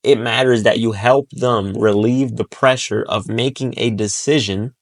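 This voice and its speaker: A man delivers a motivational monologue at a middle pitch. He talks bluntly, swears freely and drives each point home by saying it again. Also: steady tone, unhurried. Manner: blunt and profane, acts out short quoted voices; emphatic, repeats key points. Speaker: self-improvement speaker.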